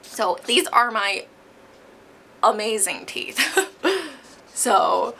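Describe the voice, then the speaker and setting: A young woman chats casually into her camera from a hospital room, still recovering from oral surgery. Her voice has a gravelly, fried edge, and she giggles a lot between thoughts. The recording is noisy, with plenty of hiss behind her. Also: medium pitch, very animated, extremely slow, bright, forceful tone. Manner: chatty, giggly, laughs often. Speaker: vlogger. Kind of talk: casual chat.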